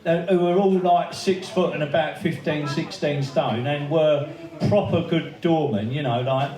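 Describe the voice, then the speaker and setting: A man tells stories to a crowd in a pub, laughing and swearing as he acts out the other people's lines. His voice sits fairly high, and it carries through a roomy, echoing space from a distance away from the mic. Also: unhurried, warm tone. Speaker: speaker at a memorial birthday event. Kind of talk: anecdotal speech to a crowd. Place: pub function room. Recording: echoey room, heard from a distance.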